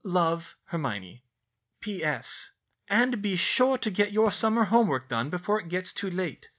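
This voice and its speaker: A man's voice: sits high, sing-song, measured pace, a bit bright, voice pushed up, full character voice. A man reading out a letter in the voice of an earnest, caring schoolgirl. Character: bright, earnest schoolgirl witch.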